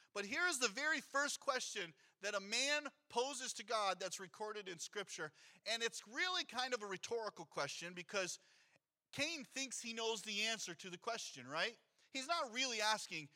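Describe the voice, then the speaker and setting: A man's voice: high voice, pushed and bright. A man, a pastor, preaching a sermon in a conversational way, reading scripture aloud and adding rhetorical asides to his congregation.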